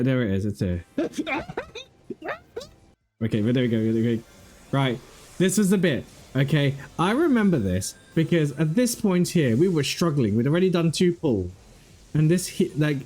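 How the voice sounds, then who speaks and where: Male streamer, casual chat, somewhat higher voice, swears a lot, exasperated storytelling. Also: a little mellow. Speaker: livestream host. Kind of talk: casual chat while reviewing gameplay footage.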